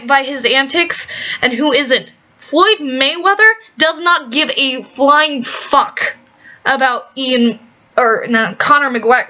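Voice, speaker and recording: High bright-voiced lady ranting and swearing in a vlog, stumbles and restarts a lot, muffled lo-fi audio. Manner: profane, blunt, fast with many restarts.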